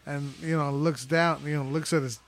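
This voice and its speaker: A man's voice: fairly high pitch, fairly even intonation, moderate pace, fairly bright tone. A man co-hosting a casual podcast, telling loose, laughing stories with lots of swearing. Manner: loose storytelling, heavy swearing, frequent laughs. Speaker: podcast co-host.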